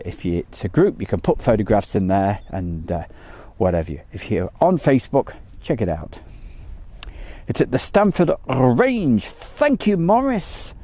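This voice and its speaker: A man hosting a live stream, chatting casually and greeting viewers by name, with lots of ums and pauses. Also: mid-range voice, dark tone, no echo.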